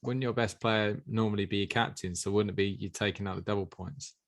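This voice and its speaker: A man's voice: lowish voice, steady tone, fairly quick. A man co-hosting a podcast, reading listener questions and chatting wryly. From southern England. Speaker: podcast co-host.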